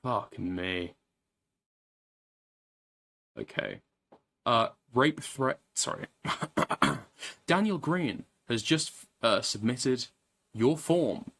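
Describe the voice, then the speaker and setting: A man's voice: mid-range voice, very animated, extremely slow, gravelly, pauses often, a bit bright, husky. Crude rambling man streaming. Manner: crude, rambling, swears often, repeats himself. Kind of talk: casual live-stream commentary.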